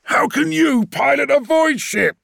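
A man voicing a panicky, whiny male tech-priest in an audiobook, with a high, shrill, frantic delivery. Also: sing-song, unhurried, gravelly, fairly bright tone, husky, no echo, clean studio sound, exaggerated voice. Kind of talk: audiobook character voice.

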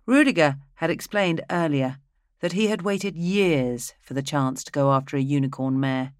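An audiobook narrator reading a fantasy novel in an even, steady storytelling manner into a close mic. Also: mid-range voice, moderate pace, no room sound.

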